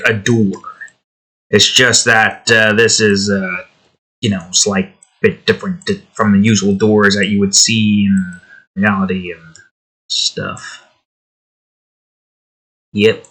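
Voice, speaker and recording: A man's voice: on the low side, unhurried, pauses often, sharp tone, husky. A man chatting casually as he builds his own game. He rambles, swears, talks to the pieces he edits and jokes in a put-on redneck drawl. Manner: jokingly puts on a redneck drawl. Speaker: hobby game developer.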